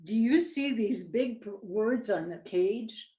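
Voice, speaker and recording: A woman reading a picture book aloud to children, gentle and expressive. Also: on the high side, slow pace. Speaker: children's storyteller. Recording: slightly muffled lo-fi recording.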